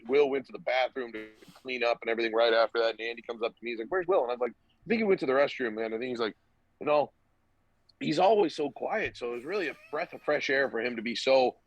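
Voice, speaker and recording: A man's voice: medium pitch, quick pace, no room sound. A young man telling a loose, profane story as a podcast guest, acting out the other people's lines as he goes. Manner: loose, profane, acts out quoted dialogue. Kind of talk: casual storytelling. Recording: dull, lo-fi dry recording.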